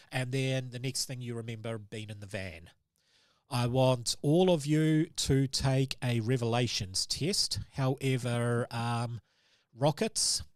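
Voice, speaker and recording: A man's voice: medium pitch, no echo, studio quality. A man as game master, narrating a tabletop horror game in a loose, rambling way, full of ums and sort-ofs.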